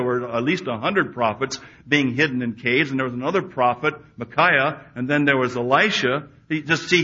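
A male preacher with a bright, forceful edge and a husky texture to his voice. He swings from loud, emphatic peaks down to hushed, quiet asides. The recording is dull and lo-fi. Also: mid-range voice, moderate pace. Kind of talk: sermon.

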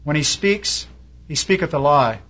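A man's voice: fairly high pitch, animated, measured pace, a bit bright. A man preaching a sermon as pastor, telling a story from his congregation with feeling and acting out the people in it. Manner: storytelling preacher, quotes people in raised voices. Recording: dull lo-fi recording.

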